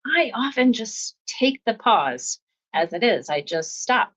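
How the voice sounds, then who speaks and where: A woman hosting a self-help podcast, talking calmly about pausing before reacting, with steady, repeating coaching phrases and soft laughs. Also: fairly high pitch, low-quality recording. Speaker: podcast host. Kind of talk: reflective self-help talk.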